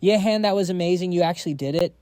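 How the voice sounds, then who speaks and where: A man voicing a gentle, caring young woman in a comic recap. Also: fairly high pitch, animated, normal speed, no room sound, natural voice.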